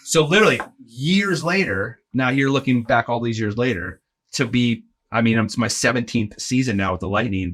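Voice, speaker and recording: A middle-aged arena in-game host, guesting on a podcast, spins a casual anecdote for the host in a bright, forceful voice of fairly low pitch. He's animated, slipping into the voices of people in his tale and using lots of "like" and checking in with "right?".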